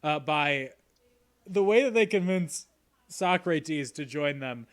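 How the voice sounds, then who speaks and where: A man's voice: on the high side, expressive, slow. A man co-hosting a podcast, casually recapping and joking with light laughs. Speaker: podcast co-host. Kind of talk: casual chat.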